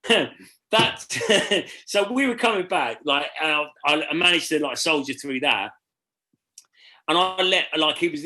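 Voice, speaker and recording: A man's voice: medium pitch, pushed and bright. A man hosting a podcast over a video call, telling rambling stories in casual chat, swearing and acting out other people's voices. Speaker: podcast host.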